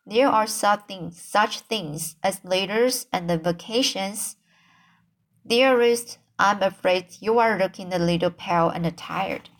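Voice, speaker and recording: A woman voicing an imaginative young girl, reading slowly and earnestly. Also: medium pitch.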